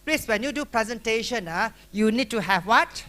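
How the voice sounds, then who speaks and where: Middle-aged Malaysian-accented male teacher, lively and teasing, bright forceful voice. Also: sits high, normal speed. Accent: Malaysian English. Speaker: workshop teacher. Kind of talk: classroom lecture. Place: workshop room.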